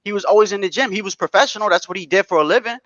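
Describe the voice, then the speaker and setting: A man co-hosts live boxing commentary from his apartment. He talks fast and loose, swears freely and drops "bro" into every other line. His voice sits high and bright, and it comes through a dull, dry home mic with the room sound cut off. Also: dry recording. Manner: animated, profane, repeats "bro". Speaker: boxing podcast co-host. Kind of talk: live casual commentary chat.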